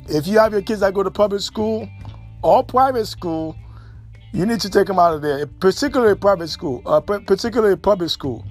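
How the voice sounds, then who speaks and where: Man, podcast host, slightly high voice, opinionated monologue, lots of ums and restarts, faint music behind. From United States. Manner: opinionated, repetitive, many fillers and restarts.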